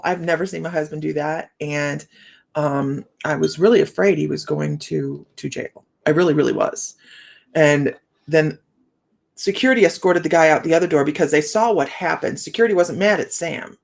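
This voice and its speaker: A woman's voice: on the low side, normal speed, vocal fry. A middle-aged woman hosting a live stream, chatting and telling a story with many fillers and restarts, her words a little slurred from a sore jaw. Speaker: psychic livestream host. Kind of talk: casual live-stream chat.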